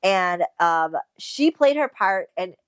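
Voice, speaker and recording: A woman co-hosting a podcast, retelling a story in casual chat, animated and swearing, laughing often. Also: lowish voice, slow pace, smooth, no echo. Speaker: podcast co-host. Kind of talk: casual book recap chat.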